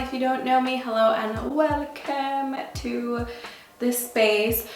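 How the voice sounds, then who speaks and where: A woman's voice: a little high, a bit bright. Playful chatty woman in an echoey room. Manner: playful, chatty, breaks into song. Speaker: YouTuber. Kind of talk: casual try-on vlog. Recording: very echoey room, faint music.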